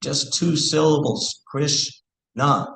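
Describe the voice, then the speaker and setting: A man's voice: fairly high pitch, fairly even intonation, takes it slowly, creaky, a bit bright. A man giving a scripture class in a temple hall, speaking earnestly and thinking aloud, with hesitations and recited verse. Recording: echoey room, faint background hiss.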